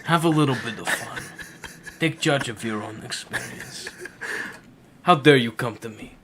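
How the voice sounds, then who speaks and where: A man putting on a hushed, spooky talking ocean. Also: medium pitch, moderate pace, natural voice. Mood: coaxing. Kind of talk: comedic reading of a game's voice.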